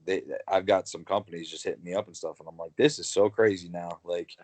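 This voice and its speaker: A man's voice: sits low, steady tone, fairly quick, a little mellow. A young adult man, a wrestler guest, talking casually and rambling with lots of like and uh. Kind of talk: casual interview.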